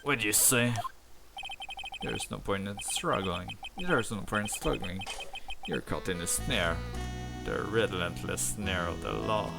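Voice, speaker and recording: A man voicing a cool, brooding male prosecutor who murmurs his lines in a low, soft voice. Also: slow, vocal fry, loud music behind the voice. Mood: cold.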